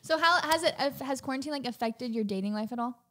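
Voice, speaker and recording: A woman's voice: high-pitched, quick pace, a bit bright. A woman hosting a casual podcast interview, teasing her guest and firing off questions. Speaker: podcast host.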